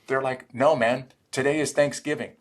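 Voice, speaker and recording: A man's voice: medium pitch, normal speed. A middle-aged man, a former Army Ranger, telling stories in a podcast interview and acting out the dialogue. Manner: animated storyteller acting out quoted dialogue.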